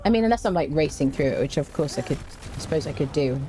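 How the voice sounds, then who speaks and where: A woman streaming a survival game talks casually with a soft, warm tone over faint background noise. She mutters to herself, hums little tunes between tasks and cracks jokes at the enemies she fights. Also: sits low, lively intonation, quick pace. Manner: chatty, hums and mutters to herself while playing. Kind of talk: casual gameplay commentary.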